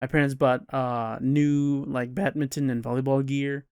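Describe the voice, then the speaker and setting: A young American man co-hosting a podcast, chatting casually and excitably, laughing often and jumping up in pitch. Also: moderate pace, smooth, dry recording, studio quality. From United States. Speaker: podcast co-host. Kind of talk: casual chat.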